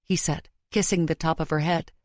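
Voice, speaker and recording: Woman narrating a romance, low voice. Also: fairly even intonation, darkish tone, dry recording. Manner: measured, emotive reading. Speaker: audiobook narrator. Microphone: close studio mic.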